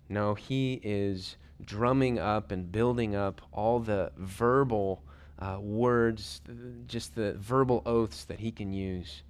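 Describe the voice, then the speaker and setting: A male pastor preaching a sermon in a conversational, animated way, with folksy asides, who drops to hushed whispers when quoting. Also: on the low side, takes it slowly.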